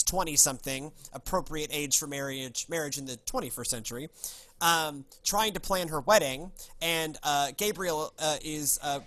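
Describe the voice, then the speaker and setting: Brief: male podcast host, casual and rambling, slightly high voice. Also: fairly bright tone, no echo. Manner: chatty, rambling with fillers. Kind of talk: casual chat and scripture reading.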